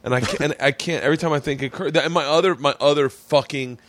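A man's voice: a little high, fast, dry recording. A middle-aged man from Florida hosting a podcast, telling stories in casual chat and acting out the people in them. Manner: animated, swearing, acts out quoted voices. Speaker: podcast host.

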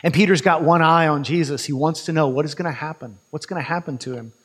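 A man's voice: on the high side, fairly bright tone, husky, long reverb tail. Man preaching a vivid story. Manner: vivid retelling with quick restarts. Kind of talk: storytelling sermon.

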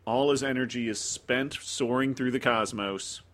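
A man's voice: medium pitch, moderate pace, fairly bright tone. A man hosting a music podcast in casual chat, mostly giving short, easygoing agreeing replies. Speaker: podcast host.

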